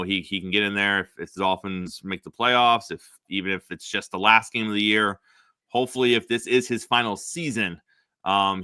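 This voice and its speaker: A man co-hosting a sports talk podcast in a loose, chatty way, full of "um"s and quick laughs. His voice is very bright and forward on the low side of pitch, recorded close and dry with no room sound. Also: smooth, no room sound. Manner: chatty, laughs often, many fillers.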